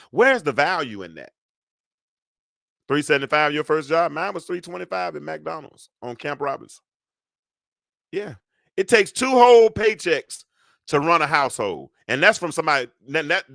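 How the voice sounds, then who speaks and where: A man in his fifties hosting a live call-in talk show, rambling and animated as he talks back to callers and chat. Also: fairly high pitch, vocal fry, dry recording, studio quality. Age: 50s. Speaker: show host.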